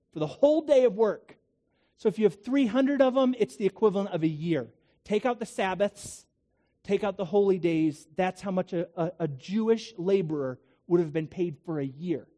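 Guy preaching a sermon, warm mellow voice, chatty, lots of questions to the crowd. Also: high voice, lively intonation, moderate pace. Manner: conversational preaching with rhetorical questions and asides. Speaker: pastor.

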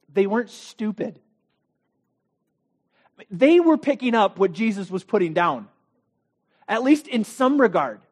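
A man preaching a sermon, telling the story dramatically with rhetorical questions and swings between loud bursts and quiet asides. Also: high-pitched. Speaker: pastor.

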